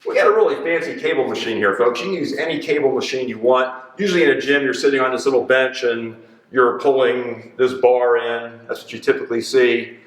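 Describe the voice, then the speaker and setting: A man's voice: mid-range voice, brisk, far from the mic. A man, a personal trainer, coaching an exercise demo in a gym in an upbeat, chatty way and counting reps aloud. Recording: echoey gym, voice from off-mic.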